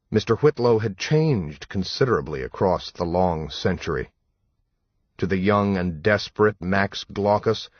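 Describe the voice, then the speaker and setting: A man narrating an audiobook in a measured, even storytelling manner. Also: deep voice, dry recording, lo-fi sound. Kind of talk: scripted narration.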